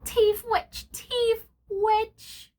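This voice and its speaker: A woman voicing a blustering, indignant village bad man in a storybook reading, loud and huffy, repeating himself three times over. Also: high-pitched, sing-song, unhurried, exaggerated voice.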